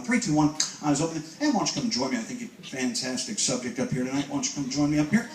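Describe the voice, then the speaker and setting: A man with an expressive, medium-pitched voice performs a live stage hypnosis show in a cruise ship lounge. He alternates slow, soothing trance commands with upbeat audience banter, and the recording is distant and echoey with a loud crowd and noise.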